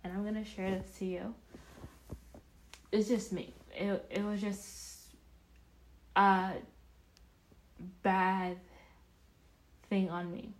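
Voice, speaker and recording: Slow, rambling young woman vlogger. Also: mid-range voice, flat delivery, low-quality recording. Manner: rambling, self-deprecating, chatty with many restarts. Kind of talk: casual storytelling to camera.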